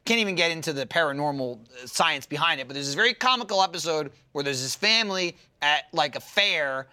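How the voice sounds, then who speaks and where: A man's voice: on the high side, fairly quick. A young man on a podcast panel, telling stories in a casual chat, acting out voices and swearing freely. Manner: animated storyteller, acts out voices, swears freely.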